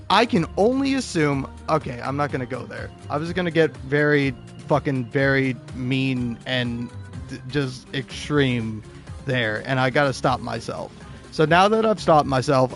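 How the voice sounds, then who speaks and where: A man with a hoarse voice ranting heatedly about a video game, swearing constantly. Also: medium pitch. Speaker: gaming YouTuber. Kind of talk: angry gameplay rant.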